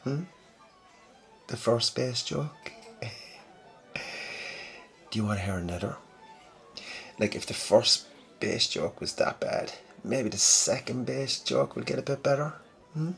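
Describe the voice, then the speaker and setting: Here a young man plays a tender boyfriend, speaking softly to the listener at a medium pitch. His tone is affectionate and playfully teasing, and at times it sinks into breathy murmurs.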